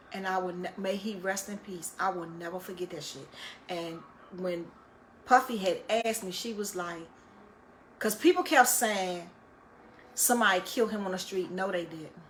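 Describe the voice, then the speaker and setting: A woman's voice: medium pitch, a bit bright, a little hiss or hum, low-quality recording. A woman vlogger telling a personal story in a casual, emotional way, swearing freely and dropping her voice at painful moments.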